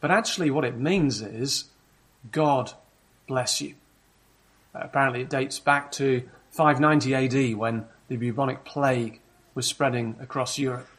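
A man preaching a sermon in a measured, explanatory way, often asking rhetorical questions of the congregation. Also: medium pitch, fairly bright tone, breathy edge.

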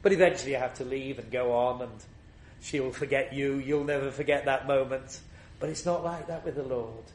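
A man's voice: mid-range voice, fairly even intonation, moderate pace, reverberant, slight background noise. A man preaching a sermon, telling a personal story and building to emphatic repeated refrains.

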